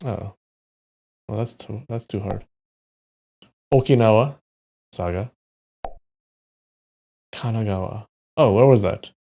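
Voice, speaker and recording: Gravelly, slow-talking male streamer. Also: on the low side, mellow, a little hiss or hum. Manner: muttering place names to himself, with sudden frustrated outbursts and swearing. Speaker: live streamer. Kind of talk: casual live-stream commentary while playing a map quiz.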